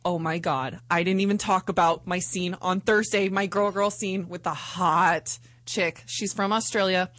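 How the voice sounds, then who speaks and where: A woman's voice: lowish voice, steady tone, unhurried, fairly bright tone, no room sound. A woman co-hosting a podcast, telling crude stories in casual chat and laughing often. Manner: crude, giggly storytelling. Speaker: podcast co-host.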